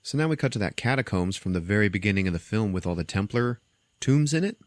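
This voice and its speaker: A man's voice: on the low side, lively intonation, quick pace, no echo. A man hosting a podcast, retelling a film's plot casually with lots of laughter and acted-out quotes. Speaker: podcast host. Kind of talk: casual film recap.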